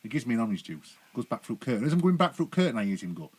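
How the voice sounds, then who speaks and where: A man's voice: medium pitch, very animated, very fast, hardly any pauses, slightly rough. A man with a Yorkshire accent, a podcast guest telling sweary, boisterous anecdotes in casual chat. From Sheffield, England. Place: home studio.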